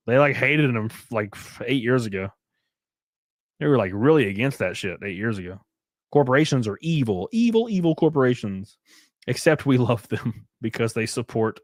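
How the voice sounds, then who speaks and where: A man's voice: medium pitch, no room sound, studio quality. A man streaming live, reading chat messages and riffing sarcastically with plenty of swearing and mocking voices.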